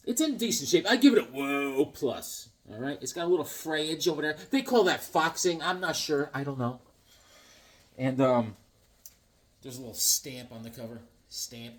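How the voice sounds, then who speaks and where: A tired, middle-aged man talks through his old comic books in a loose, rambling way, cracking jokes as he goes. His voice sits a bit high for a man. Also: darkish tone. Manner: rambling, joking, reads comic lines aloud. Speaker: comic book collector vlogger. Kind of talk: casual show-and-tell chat.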